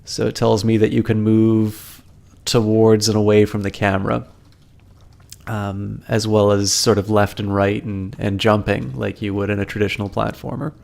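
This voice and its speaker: A man's voice: on the low side, little pitch movement, moderate pace, gravelly, a little mellow. A man streaming a game live, chatting to viewers with many ums and restarts while he plays. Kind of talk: casual live-stream commentary.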